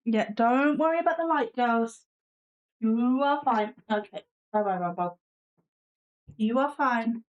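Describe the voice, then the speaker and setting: Chatty high-voiced woman streamer. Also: measured pace, long pauses, highs cut off. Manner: chatty, talks to chat and her cat, self-mocking sarcasm. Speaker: live stream host. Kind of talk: casual live stream chat. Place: home desk setup.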